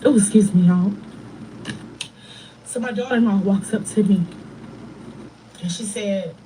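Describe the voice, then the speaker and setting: A middle-aged woman telling a painful personal story in a soft, halting way, pausing and restarting often. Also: mid-range voice, a little hiss or hum, rough recording. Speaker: bereaved mother telling her story.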